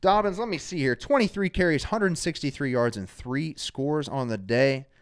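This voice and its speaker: A man hosting a live fan talk show from a studio, energetic and reading out viewers' names. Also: fairly high pitch, normal speed, clean tone. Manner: energetic, shouts out viewers by name. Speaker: show host. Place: studio under hot lights.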